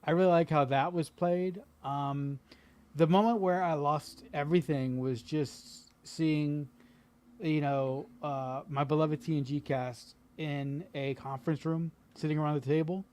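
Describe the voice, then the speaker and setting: A man's voice: fairly high pitch, steady tone, measured pace, darkish tone. A man talking earnestly and thoughtfully in a casual chat, with many fillers. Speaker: podcast guest.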